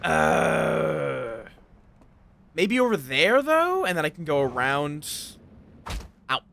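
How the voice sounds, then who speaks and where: A man's voice: a little high, wildly swooping pitch, slow, creaky, a bit bright, a little hiss or hum. A man live-streaming a game, chatting playfully with his viewers as he plays. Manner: rambling, playful, greets chat.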